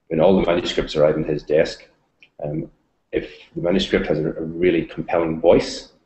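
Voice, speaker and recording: A man with a deep, low voice talks about books in an interview. He speaks haltingly, full of ums and restarts. The sound is roomy and echoey, as on a video call. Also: dark tone. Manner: hesitant, many ums and restarts. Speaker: novelist and book reviewer.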